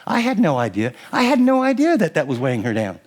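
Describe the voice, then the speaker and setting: A middle-aged man preaching on marriage, lively and laughing often as he acts out what husbands and wives might say. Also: fairly high pitch, fast. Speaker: pastor. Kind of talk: sermon on marriage to a live audience.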